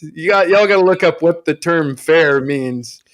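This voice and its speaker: A man's voice: a little high, a little slow, hardly any pauses. A man on a podcast panel chatting casually, mocking and swearing, often laughing.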